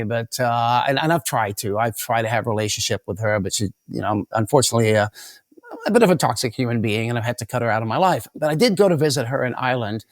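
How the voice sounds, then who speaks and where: A man's voice: mid-range voice, no echo, clean studio sound. A man as an interview guest, telling rambling stories with many restarts and repeated words. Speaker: guest mentalist. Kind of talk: storytelling interview answers.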